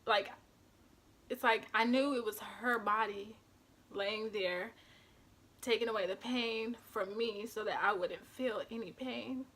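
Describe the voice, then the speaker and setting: Bright young woman telling an emotional story. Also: fairly high pitch, steady tone, unhurried. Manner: emotional, often near tears, with many fillers. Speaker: beauty vlogger. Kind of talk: personal storytime vlog.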